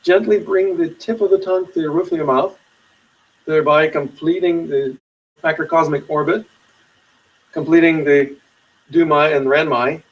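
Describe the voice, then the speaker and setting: A man teaching meditation in a webinar, giving slow, soothing guided instructions with long pauses. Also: fairly high pitch, far from the mic, lo-fi sound.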